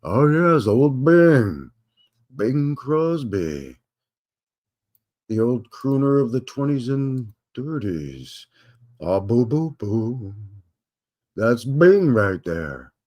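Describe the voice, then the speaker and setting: A man putting on the voice of an old-time male crooner, drawn-out and hammy. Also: mid-range voice, big pitch swings, darkish tone. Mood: crooning.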